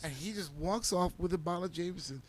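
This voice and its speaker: Podcast co-host, man with a high voice, animated storyteller. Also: quick pace, slight background noise. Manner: animated, laughing, acts out quotes loudly. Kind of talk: casual storytelling.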